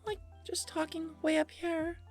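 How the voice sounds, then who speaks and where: A man voicing a cute anime girl in a breathy falsetto, chatting lightly. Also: monotone, unhurried, no room sound, faint music behind. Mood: sweet. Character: cute high-voiced anime girl, sweet.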